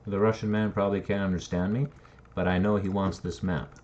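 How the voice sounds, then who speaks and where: Deep-voiced man rambling while building. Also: flat delivery, a little fast, darkish tone. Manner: rambling, thinking aloud, swears casually. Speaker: game map builder. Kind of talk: casual screen-recording commentary. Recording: dull lo-fi mic with faint noise and typing.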